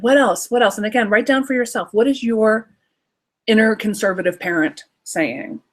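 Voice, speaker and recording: A woman runs a live creativity workshop in an animated, conversational tone. She speaks straight to her listeners and keeps checking in with them as she goes. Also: medium pitch, husky. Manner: lively, animated, talks directly to listeners. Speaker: workshop teacher, creativity coach. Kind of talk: live online workshop talk.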